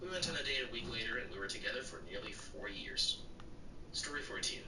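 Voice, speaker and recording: A man's computer-generated voice reading short stories aloud in a flat, even way. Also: mid-range voice, fairly quick. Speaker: story narrator. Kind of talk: text-to-speech reading of bartender stories. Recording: echoey, distant, noisy.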